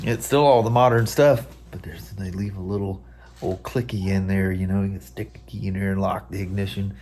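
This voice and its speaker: Riding his motorcycle in the rain and later back home, a middle-aged vlogger chats casually with viewers and himself, chuckling frequently in an easygoing way. His low voice is steady, a little mellow, and a little fast.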